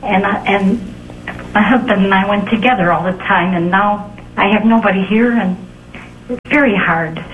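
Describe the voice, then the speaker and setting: A woman's voice: mid-range voice, normal speed. A woman calling in, emotional and hesitant, stumbling over repeated words. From United States. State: emotional, halting speech. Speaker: caller. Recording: telephone line with faint hiss.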